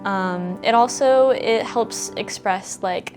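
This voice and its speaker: A woman in a documentary interview, talking reflectively about her art, often pausing with "um". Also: mid-range voice. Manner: reflective, with "um" fillers. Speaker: interviewee, fursuit wearer and artist. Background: background music.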